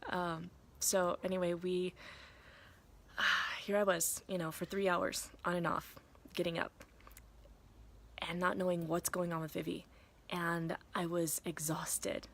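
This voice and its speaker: A woman's voice: fairly low pitch, little pitch movement, takes it slowly, fairly bright tone. A woman in her thirties telling a candid, rambling story to her viewers, swearing freely and breaking off to talk to her kids. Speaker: vlogger and mother. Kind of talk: casual confessional vlog. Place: vacation cabin in the mountains.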